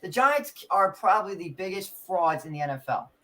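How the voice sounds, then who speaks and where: A man's voice: high voice, big pitch swings, normal speed, fairly bright tone. A man hosting a casual sports podcast, ranting through sarcastic trash talk about a rival team. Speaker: podcast host.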